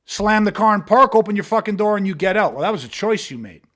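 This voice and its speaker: Male instructor, higher pitch, blunt and profane, podcast chat. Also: lively intonation, fast, sharp tone. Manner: blunt, profane, emphatic, uses hypothetical street scenarios. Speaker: martial arts instructor. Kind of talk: podcast conversation.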